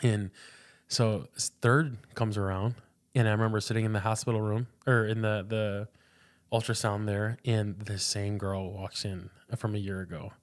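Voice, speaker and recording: A man's voice: on the low side, level tone, normal speed. A young man and pastor, a podcast guest, telling a personal faith story in an earnest, casual way, often repeating words and saying "dude".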